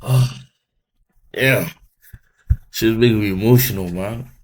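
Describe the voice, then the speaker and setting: A man's voice: on the low side, takes it slowly, background noise. A man casually reacting to a video, slangy and laid-back, with swearing.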